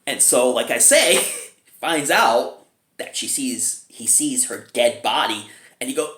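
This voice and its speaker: A man talks through a film review in a loose, chatty way, breaking into chuckles between remarks. His pitch swings up and down with lively inflection. He sounds like he is in a roomy, echoey space. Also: moderate pace.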